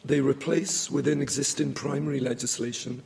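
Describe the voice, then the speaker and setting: A man, a government minister who is losing his voice, giving a measured, formal speech in a debating chamber. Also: mid-range voice, level tone, vocal fry, a little mellow. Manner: measured, formal delivery with a light joke.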